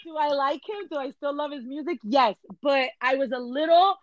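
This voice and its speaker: High-voiced woman telling a story. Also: normal speed, no room sound, muffled recording. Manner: animated, switches between English and Spanish. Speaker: entertainment journalist guest. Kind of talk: casual storytelling chat.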